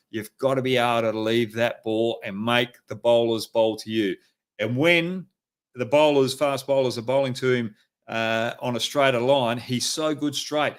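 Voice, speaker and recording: A middle-aged Australian man hosts live cricket analysis, breaking down play like a coach. His voice sits at an ordinary male pitch in a middle register, neither deep nor high. He is animated and emphatic, leaning hard on his warnings, keeping his points plain, and using frequent fillers as he thinks aloud.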